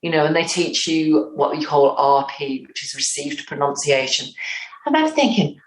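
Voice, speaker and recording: A woman in her fifties with a Northern English accent speaks in a lowish voice. She talks at length in an interview, animated and quick to act out bits of dialogue. The recording has a noticeable roomy echo. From North West England. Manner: animated, acts out quotes. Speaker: playwright and actor.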